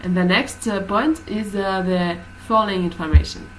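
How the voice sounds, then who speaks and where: A woman's voice: mid-range voice, moderate pace, a little hiss or hum, poor audio. A woman teaching a class, explaining hesitantly with many fillers.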